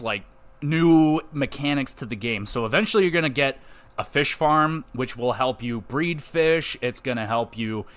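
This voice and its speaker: A man's voice: medium pitch, fairly bright tone. A man hosting a podcast, giving a loose, rambling spoken game review with casual swearing and lots of fillers.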